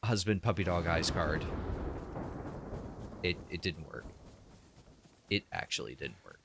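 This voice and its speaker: A man's voice: sits low, sing-song, a little slow, gravelly, background noise. A young man live-streaming a game, rambling to his chat in a casual, chuckling way.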